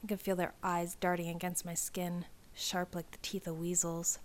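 A woman reading a first-person story aloud in a wry, soft-spoken way, redoing lines as retakes. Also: lowish voice, little pitch movement, normal speed, a little hiss or hum.

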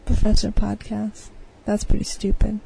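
A woman's voice: mid-range voice, monotone, moderate pace, creaky, dark tone, slightly rough, rough recording. A young adult woman co-hosting a casual podcast, joking and laughing often. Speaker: podcast co-host. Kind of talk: casual chat.

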